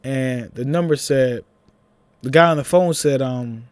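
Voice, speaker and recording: A young man with a Philadelphia accent, telling a personal story in a casual, animated vlog, with laughing asides. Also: mid-range voice, unhurried, smooth, no room sound.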